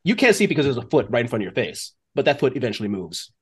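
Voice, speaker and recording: A man of middling pitch running a tabletop game, describing scenes in an animated way. He often pauses with fillers as he builds the story. His voice has an everyday, even tone. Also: slightly rough. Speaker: game master.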